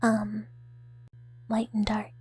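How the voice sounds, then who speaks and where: A woman's voice: medium pitch, monotone, takes it slowly, a little mellow, breathy edge, rough recording. A woman streamer in a whispered ASMR chat with her viewers, giggling often as she talks.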